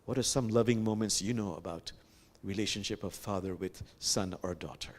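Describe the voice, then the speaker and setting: An older man with a Bangladeshi accent, leading a reflective sermon as an imam and telling stories gently, with pauses and fillers. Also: on the low side. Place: sanctuary.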